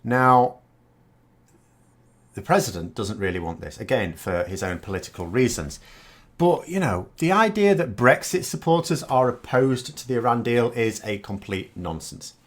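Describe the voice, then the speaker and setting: A British man talks through political commentary with a scornful, sarcastic edge. His pitch swings in a lively, animated way as he leans hard on his points. His voice sits in a mid register.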